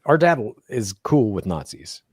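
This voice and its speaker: A man's voice: on the low side, sing-song, moderate pace, a crowd in the background. A man co-hosting a podcast in casual chat, bluntly reading listener comments and swearing freely. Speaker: podcast co-host.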